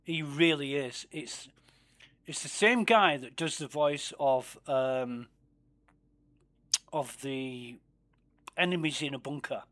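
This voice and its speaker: A man streams a space game with casual gameplay commentary, swearing freely and muttering asides under his breath. His mid-range voice is a bit bright, and he takes it slowly with frequent pauses.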